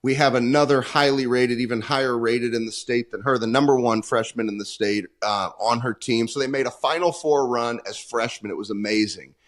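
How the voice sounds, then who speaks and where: A man's voice: medium pitch, brisk, few pauses. Earnest man telling coaching stories. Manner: earnest, storytelling, quotes dialogue often. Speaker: guest performance coach. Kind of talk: podcast interview talk.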